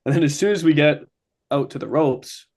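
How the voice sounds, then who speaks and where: A young man from Ontario, Canada, a guest telling an animated story and acting out what people said. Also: fairly high pitch, moderate pace. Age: young adult. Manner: animated, acts out quoted lines. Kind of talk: casual storytelling.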